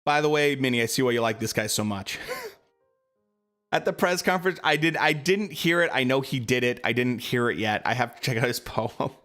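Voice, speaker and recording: A man's voice: medium pitch, expressive, moderate pace, fairly bright tone, faint music behind. A man streaming live, chatting casually about boxing and answering his viewers, with lots of fillers.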